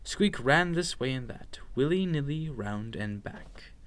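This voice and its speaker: A man reading a children's bedtime story aloud with expressive, sing-song narration. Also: medium pitch, unhurried.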